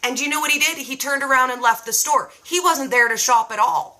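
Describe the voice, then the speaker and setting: A woman hosting a casual live-stream chat, reading viewer comments aloud in an animated way. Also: sits high, brisk, poor audio. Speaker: live show host. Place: home.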